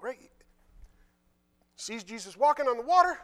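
Male preacher, scripture sermon, high voice, very lively delivery. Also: normal speed. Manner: animated, drops to quiet asides; retells scripture in casual dialogue.

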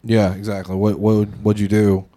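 Low, dark-voiced man telling a story. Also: little pitch movement, normal speed. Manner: rambling, profane, lots of fillers. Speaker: podcast co-host. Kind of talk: casual storytelling chat.

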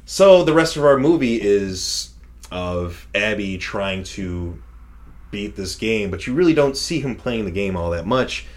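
Young male co-host, lowish voice, loose rambling chat, frequent laughs, casual swearing. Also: lively intonation, a little slow. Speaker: podcast co-host reviewing a movie.

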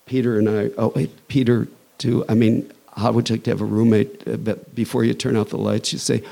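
Gravelly low-voiced man, rambling intro. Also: level tone, a little fast, few pauses, dark tone. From United States. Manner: rambling, stumbling restarts, joking asides. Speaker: society president introducing a speaker. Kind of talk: casual introduction at a talk.

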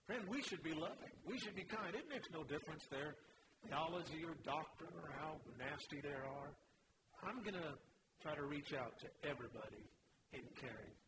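A man preaching a sermon as pastor, emphatic and animated, mixing scripture with humorous stories. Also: a little high, normal speed, background noise.

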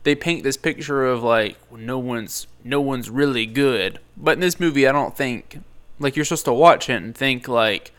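A man's voice: medium pitch, normal speed, a bit bright, clear, resonant tone. A man chatting casually about a movie, rambling with lots of fillers and jokes. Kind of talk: casual movie review chat.

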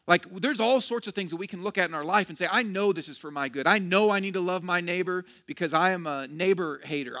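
A man's voice: high-pitched, pushed and bright. A man preaching a sermon as pastor, casual and joking, with self-deprecating asides and frequent restarts. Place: church.

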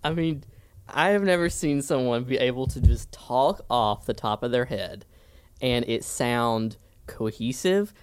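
A woman's voice: a bass voice, expressive, a little slow, clear, resonant tone, no echo. A woman producer co-hosting a casual chat, wry and teasing as she banters back. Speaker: producer and co-host.

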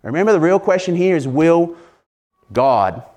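A man's voice: a little high, big pitch swings, moderate pace, a little mellow. A man with an Australian accent preaching a sermon in an earnest manner that builds to emphatic passages.

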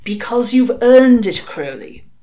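An ominous infernal male lord handing down orders with threatening calm, as a woman reading a story puts him on. Each sentence sinks low and quiet at its close, a commanding storybook voice from below. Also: slow pace. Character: booming infernal male lord speaking through the radio.

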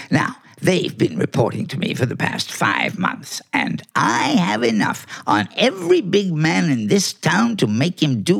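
A bossy talking tomcat in an old radio play, gravelly, voice jumps all over. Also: male voice, mid-range voice, fairly bright tone, exaggerated voice. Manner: smug, bossy, theatrical. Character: scheming clever talking male house cat. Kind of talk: 1940s radio acting.

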